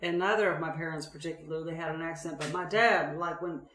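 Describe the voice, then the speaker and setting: A woman from Oregon co-hosting a podcast in casual chat, blunt and quick to swear as she tells stories. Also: low voice, fairly bright tone, slight background noise. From Oregon, USA. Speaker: podcast co-host. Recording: roomy echo.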